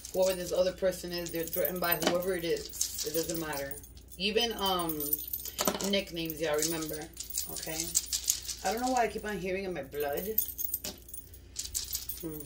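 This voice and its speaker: A woman's voice: on the low side, normal speed. A woman giving a casual tarot reading to her viewers, blunt, slangy and profane, rambling as she goes. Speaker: tarot reader. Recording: distant mic with clear background noise and clicks.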